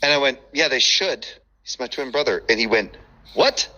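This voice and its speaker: A man chatting casually and telling stories with lots of cursing, acting out the people he quotes. His voice has a very bright edge. The sound is dull and lo-fi, like an online call. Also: mid-range voice, brisk. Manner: profane, animated storyteller who acts out quoted voices. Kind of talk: casual chat.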